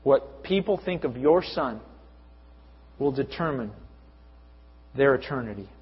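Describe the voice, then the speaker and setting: A man's voice: medium pitch, animated, a little slow, slightly rough. A young adult man preaching a sermon to a church congregation, often building to emphatic repeated lists. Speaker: pastor. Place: church hall. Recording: echoey hall, dull lo-fi sound.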